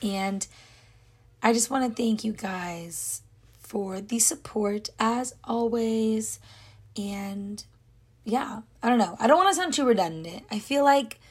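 A young woman hosting her own podcast, her voice hoarse and nearly gone, talking in an earnest, rambling way full of "like". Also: fairly high pitch, takes it slowly. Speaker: podcast host. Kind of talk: casual solo podcast talk.

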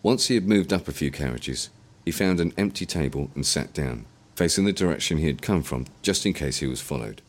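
A man narrating an audiobook in an expressive storytelling manner. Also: a bass voice, fairly quick.

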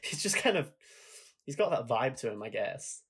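A man's voice: mid-range voice, big pitch swings, normal speed, a bit bright, slightly rough. A man co-hosting a podcast, chatting casually and enthusiastically about films, retelling favourite scenes with laughter. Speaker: podcast co-host. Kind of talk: casual film chat.

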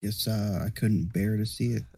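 A man's voice: fairly low pitch, moderate pace, creaky, darkish tone, slightly rough, no room sound. A young man co-hosting a casual podcast, laid-back and dropping dry one-liners. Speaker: podcast co-host. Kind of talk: casual chat.

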